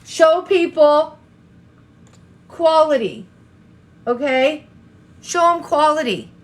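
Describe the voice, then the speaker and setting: In a live-stream coaching talk, a woman addresses her online audience directly, firing off rhetorical questions and often repeating herself. She speaks slowly in a high voice.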